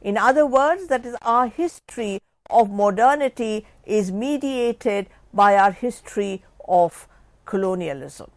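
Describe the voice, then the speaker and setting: A woman giving a measured academic lecture, restating her points and stressing key words before letting phrases trail off. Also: medium pitch, animated, dry recording. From India. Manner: measured, restates points, rising emphasis then dropping off.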